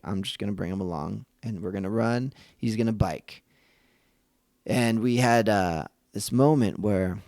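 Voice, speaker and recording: A man's voice: fairly low pitch, creaky, a little mellow, no room sound, studio quality. A man hosting a podcast, talking earnestly and conversationally about fatherhood, often restarting his sentences. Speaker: podcast host. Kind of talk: casual reflective monologue.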